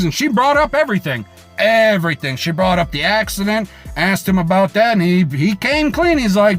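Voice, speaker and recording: Guy doing a sweary casual tv recap, high voice jumping all over, faint music behind. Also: normal speed. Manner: animated, swings pitch for emphasis. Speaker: reaction video host. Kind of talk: casual episode recap with profanity.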